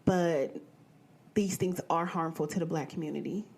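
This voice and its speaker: A young woman from the American Midwest hosting a podcast, telling a personal story in a blunt, profane and animated way. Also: lowish voice, normal speed, breathy edge. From Midwestern United States. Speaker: podcast host. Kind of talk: candid storytelling monologue.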